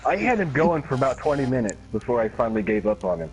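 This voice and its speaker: Male gaming streamer, casual story chat, swears often, mid-pitched, laughs through stories, some music behind. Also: sing-song, fast, rough recording. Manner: profane, laughing anecdotes, acts out quotes.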